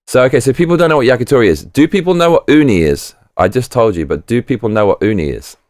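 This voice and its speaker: A mid-range male voice with a darkish tone comes across animated and quick as he hosts a live chat stream. He meanders, swears freely, and restarts often, all on a clean, echo-free studio recording.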